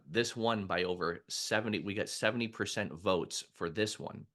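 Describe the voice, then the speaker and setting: A middle-aged man with a low, deep voice speaks as a mindset coach on a live stream. He talks candidly and loosely, often restarting his sentences as he goes. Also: fairly bright tone. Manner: candid, conversational, frequent restarts. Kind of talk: live-streamed casual talk.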